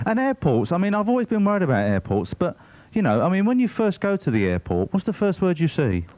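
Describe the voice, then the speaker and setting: A man's voice: high-pitched, wildly swooping pitch, quick pace, darkish tone. A man doing stand-up one-liners on a club stage, with a hesitant delivery full of fillers. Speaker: stand-up comedian. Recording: dull, noisy TV broadcast recording.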